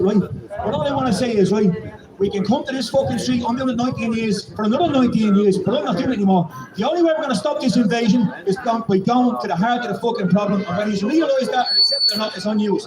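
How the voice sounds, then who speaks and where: A high-pitched Irish man rattles off a rousing, swear-laden speech at rapid speed. His voice comes from some distance away and echoes around an outdoor street, with a loud crowd around him. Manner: profane, rousing, rising to shouts. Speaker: protest speaker. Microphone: public microphone and PA.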